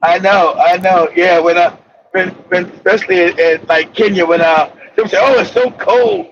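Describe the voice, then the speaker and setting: A man hosting a casual talk show, telling rambling, profane stories with bursts of shouting. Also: sits high, steady tone, moderate pace, a little hiss or hum. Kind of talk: casual storytelling chat. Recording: dull lo-fi audio.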